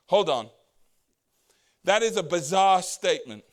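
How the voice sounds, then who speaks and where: High-voiced man preaching conversationally. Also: a bit bright. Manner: talks directly to the congregation with rhetorical questions; acts out the Bible characters' words in quick voices. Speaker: pastor. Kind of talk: conversational sermon.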